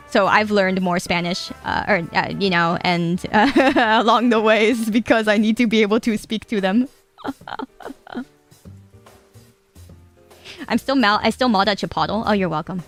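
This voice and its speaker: A woman's voice: medium pitch, a little slow, faint music behind. A young Japanese woman chatting casually to her live-stream chat, giggly and rambling, swearing now and then. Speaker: VTuber streamer.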